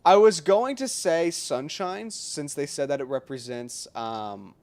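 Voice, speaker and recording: Excitable male gaming streamer. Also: on the high side, a little slow. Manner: thinks aloud, erupts into loud excited reactions. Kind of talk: casual gaming livestream commentary. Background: game music.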